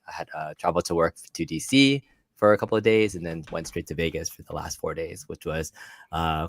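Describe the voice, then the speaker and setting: A man's voice: deep voice, no room sound. A tired man on little sleep, telling a rambling story in laid-back casual chat as a podcast co-host.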